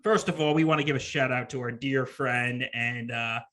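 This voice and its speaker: A man hosting a sports podcast, chatting casually in an animated, jokey way. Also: mid-range voice, moderate pace. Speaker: podcast host.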